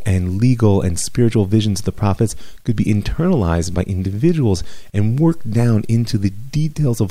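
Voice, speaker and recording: A man teaching as a rabbi in a measured, reflective lecture with many pauses. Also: fairly low pitch, dark tone, dry recording. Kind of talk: recorded lecture.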